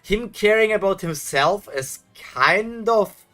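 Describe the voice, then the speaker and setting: A man talking through a casual live reaction, his voice bright and a bit high for a man. He muses out loud and hesitates as he works his thoughts out, over faint music. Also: lively intonation, takes it slowly. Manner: musing, hesitant, thinking aloud with fillers. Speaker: reaction video host.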